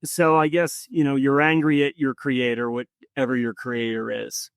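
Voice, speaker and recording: A man being interviewed on a podcast, telling a personal story in an earnest, reflective way with many pauses. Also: mid-range voice, flat delivery, creaky, dry recording. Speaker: podcast guest.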